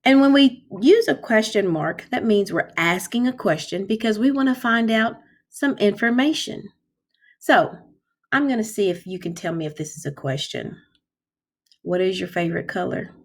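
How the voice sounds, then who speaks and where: A woman teaching kindergarten, talking slowly and clearly in a sing-song voice and stretching out the hard words. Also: fairly high pitch, expressive. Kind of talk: slow, clear classroom instruction for young children.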